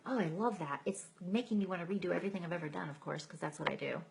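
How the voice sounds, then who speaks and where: A woman's voice: lowish voice, racing, vocal fry, slight background noise. A woman hosting a casual live chat, greeting viewers by name and laughing at herself. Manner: self-deprecating, laughs often. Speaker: live stream host.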